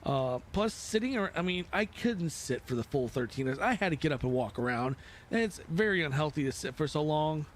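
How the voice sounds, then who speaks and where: A man's voice: on the high side, expressive, a little fast, a little hiss or hum. Rambling man chatting on a sim stream. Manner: rambling, self-mocking asides. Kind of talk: casual live-stream chat.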